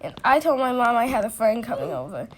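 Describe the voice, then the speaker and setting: A woman telling a personal story in a casual storytime, halting often with restarts and fillers. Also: fairly high pitch, sing-song, a little hiss or hum.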